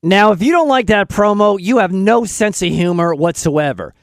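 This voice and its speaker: A man's voice: high-pitched, lively intonation, normal speed, no echo, studio quality. A man hosting a talk radio show, speaking in an emphatic, opinionated and rambling way.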